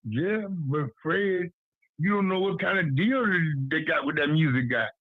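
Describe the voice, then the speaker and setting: A man's voice: fairly high pitch, animated, unhurried, dry recording. Blunt man on a tinny phone line. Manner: blunt and repetitive, street slang. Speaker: guest on a boxing talk show. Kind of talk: casual phone-in chat.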